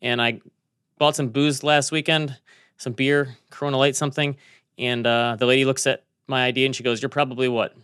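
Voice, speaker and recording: A man hosting a podcast in a casual, chatty way, fast and self-deprecating. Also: mid-range voice, steady tone, a bit bright, clean tone, dry recording, studio quality. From United States. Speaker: podcast host. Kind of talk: casual chat, reading an ad.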